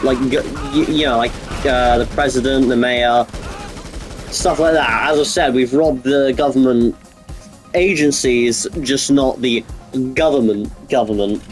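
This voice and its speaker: A man's voice: medium pitch, fairly even intonation, measured pace, soft background music, rough recording. A young man with a cold, rambling and swearing casually as he comments over his gameplay. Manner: rambling, profane, offhand. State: sick. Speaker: gaming YouTuber.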